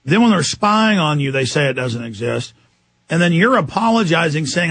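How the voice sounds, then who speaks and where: Gravelly, fervent American radio host. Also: male voice, on the high side, sing-song, normal speed, dry recording. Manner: fervent, insistent, escalating into shouting. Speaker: radio talk show host. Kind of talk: heated talk radio monologue.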